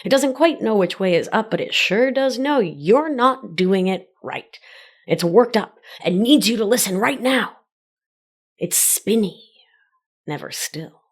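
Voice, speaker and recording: A woman hosting a solo wellness podcast, teaching in a gentle sing-song and a slow, deliberate way. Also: mid-range voice. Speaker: podcast host and life coach.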